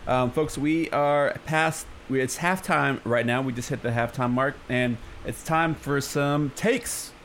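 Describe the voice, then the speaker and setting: A man's voice: medium pitch, measured pace, few pauses, a bit bright, a little hiss or hum. A young man from San Francisco hosting a radio show, ranting in profane, exasperated bursts full of stammers and restarts from a studio. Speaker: radio host.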